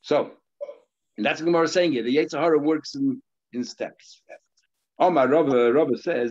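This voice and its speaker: A man's voice: a little high, moderate pace, pauses often, a little mellow. A male rabbi giving a Talmud lesson, explaining terms step by step in a conversational way. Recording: slightly dull lo-fi audio.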